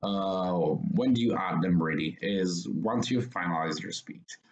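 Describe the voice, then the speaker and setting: Low-voiced man teaching online, dull audio. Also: unhurried. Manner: casual, explanatory, many fillers and restarts. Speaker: public speaking trainer. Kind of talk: online training lecture. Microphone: video call.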